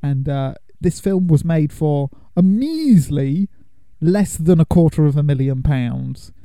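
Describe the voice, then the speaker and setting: A man's voice: fairly high pitch, lively intonation, slow pace, dark tone, no room sound. A young man hosting a movie podcast, chatting casually and laughing often as he explains things. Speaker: podcast host. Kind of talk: casual chat.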